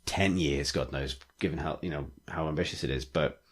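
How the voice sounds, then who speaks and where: Male podcast co-host, deep voice, loose rambling delivery. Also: fairly quick, husky. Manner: rambling, full of "like" fillers. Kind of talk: casual chat.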